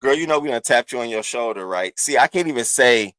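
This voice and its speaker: Brief: male livestream host, AAVE, lively and profane, greeting viewers one by one, dry room. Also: on the low side, quick pace, dry recording. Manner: animated, profane, shouting out chat names. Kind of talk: casual livestream chat.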